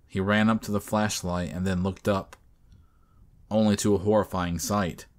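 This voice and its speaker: A man narrating a horror story in a measured storytelling manner. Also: deep voice, flat delivery.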